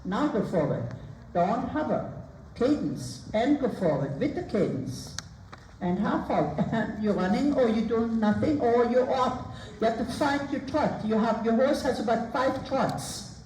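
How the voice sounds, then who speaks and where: A woman coaching a rider in an arena, calling out short, brisk commands and counting strides. Her voice is mellow and rises and falls a lot. It sounds roomy and far from the mic, with faint ambience behind her. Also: a little high, expressive, slight background noise. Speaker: riding instructor. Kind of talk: live coaching during a riding lesson. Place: riding arena.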